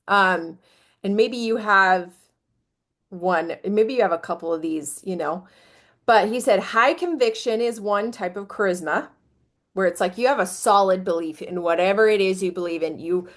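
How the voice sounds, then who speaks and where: Middle-aged woman, live-stream host, casual, filler-heavy, playful. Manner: chatty, filler-heavy, jumps up high when demonstrating energy.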